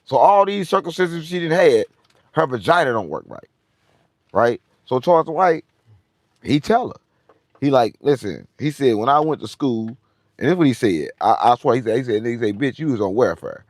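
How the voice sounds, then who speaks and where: A man hosts his own show and tells a story in a loose, rambling rant. He swears constantly, circles back to the same phrases, and brags as he goes. His pitch swings up and down a lot, and his voice sounds close and dry. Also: sing-song, normal speed, dry recording. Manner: profane, repetitive, boastful. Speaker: show host.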